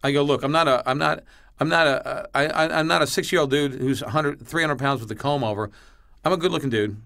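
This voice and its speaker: A male comedian guesting on a podcast, telling a story with blunt, animated delivery, acting out both sides of the dialogue and swearing freely. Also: on the high side, fairly quick, vocal fry.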